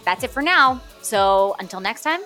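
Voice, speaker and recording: A woman's voice: fairly high pitch, expressive, moderate pace, pushed and bright, soft background music. A woman host and dietitian reading a scripted podcast outro in an upbeat, promotional manner.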